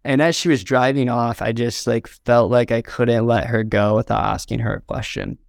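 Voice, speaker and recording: A man's voice: medium pitch, fairly even intonation, moderate pace, vocal fry, dry recording, clean studio sound. A young man from southern Indiana telling a heartfelt story as an interview guest, earnest and full of "like" and "um". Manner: earnest, fills with "like" and "um", gets choked up.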